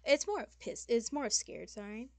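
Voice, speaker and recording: A woman's voice: a little high, lively intonation, normal speed, no room sound. A young woman narrating as game master, rambling with fillers and corrections as she goes.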